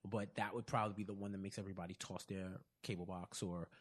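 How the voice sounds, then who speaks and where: A man's voice: low voice, fairly even intonation, quick pace, slightly rough. A man co-hosting a casual podcast recap of a TV episode, quoting scenes, laughing often and restarting his sentences. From Caribbean family. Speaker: podcast co-host.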